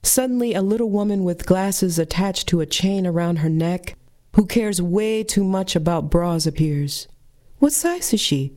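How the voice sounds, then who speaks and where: A woman telling a personal story as a performance, with wry, deadpan humor. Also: lowish voice, normal speed.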